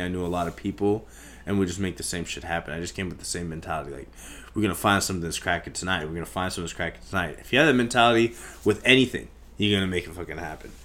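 A young man hosting a podcast, telling a story in a casual, profane, animated way and acting out the scenes. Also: low-pitched. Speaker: podcast host.

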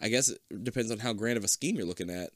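A man's voice: on the low side, rapid-fire, no room sound, clean studio sound. A man in his thirties co-hosting a podcast in casual chat, rambling, swearing freely and laughing often. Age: 30s. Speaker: podcast co-host. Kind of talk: casual chat recapping a cartoon.

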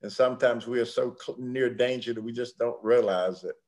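An older man preaching a sermon, swinging dramatically from hushed, slow passages to loud ones. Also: mid-range voice, steady tone. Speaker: pastor.

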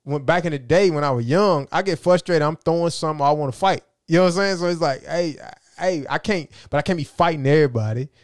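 A man talks casually, telling lively stories in slang and breaking into his relatives' voices. His voice sits a bit high for a man, and it is recorded close and dry, with no room sound. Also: quick pace, hardly any pauses, no echo. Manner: animated storytelling, slangy, acts out relatives' voices. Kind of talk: casual conversation.

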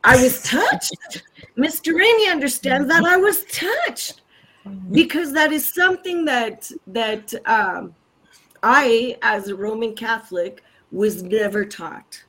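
An older woman speaks slowly and with deep feeling over a video call, pausing and restarting as she searches for words. Her voice is fairly high. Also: lively intonation, fairly bright tone, poor audio. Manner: heartfelt, emphatic, halting. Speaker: conference attendee asking a question. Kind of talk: casual chat.

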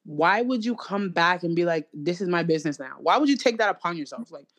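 A woman's voice: fairly low pitch, animated, fairly quick, fairly bright tone. A young woman, chatting casually and ranting with mocking, profane humor and quoted asides. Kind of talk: casual chat.

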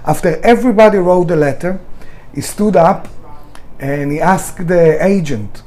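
A middle-aged restaurant founder in an interview, telling candid stories in a blunt, emotional way and swearing freely. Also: male voice, high voice, measured pace, warm tone.

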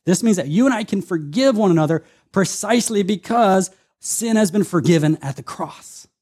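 Husky-voiced man preaching a sermon. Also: high-pitched, expressive, moderate pace, a little mellow. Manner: earnest, quotes scripture, shifts pace for emphasis. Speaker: pastor.

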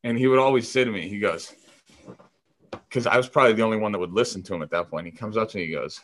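A man co-hosting a casual podcast, telling animated, profane clubhouse stories with frequent laughter. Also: on the low side, rapid-fire. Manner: animated, profane, laughs often, acts out voices. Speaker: podcast co-host, former ballplayer. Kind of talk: casual storytelling chat.

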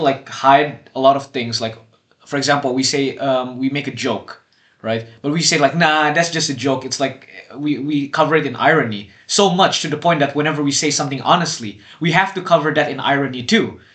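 A teenage boy chatting casually on a podcast, his thoughts spilling out in loose, restarting sentences. His voice sits at an ordinary pitch and bounces around a noticeably echoey room. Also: brisk, a bit bright. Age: teens. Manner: rambling, many restarts and "like". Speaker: podcast co-host. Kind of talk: casual chat.

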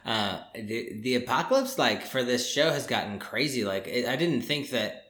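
A man's voice: mid-range voice, very animated, normal speed, a bit bright, roomy sound. A young man chatting casually, rambling and filling his talk with "like" and "dude". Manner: rambling, filler-heavy, says "like" and "dude" a lot. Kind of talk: casual chat.

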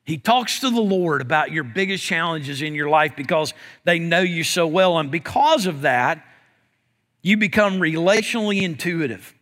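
A man's voice: on the high side, lively intonation, normal speed, a bit bright. A man preaching a sermon as pastor, in a conversational style and often saying "man" to the congregation. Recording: long reverb of a church hall.

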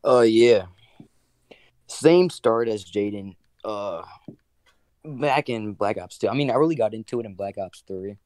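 A man's voice: on the low side, unhurried, a little mellow, no room sound. A young man who is a guest on a podcast, talking in an easygoing, plain-spoken way. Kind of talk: casual podcast chat.

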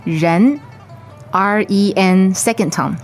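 A woman modelling phrases slowly and clearly as a co-teacher in a podcast lesson. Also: medium pitch, faint music behind. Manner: slow, clearly enunciated. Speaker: language teacher. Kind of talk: slow model pronunciation.

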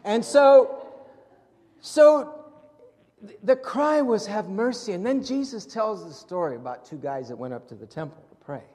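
A man preaching a sermon in an animated way, acting out scenes from the Gospels in different voices. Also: high voice, a little slow. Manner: animated, acts out Bible scenes with shifting voices. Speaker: pastor. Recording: long hall reverb.

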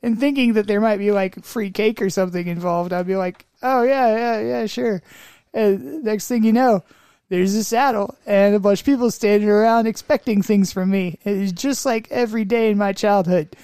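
A man's voice: high-pitched, moderate pace, warm tone, clean tone, no room sound, clean studio sound. A man co-hosting a podcast in casual chat, joking and laughing often between remarks. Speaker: podcast co-host.

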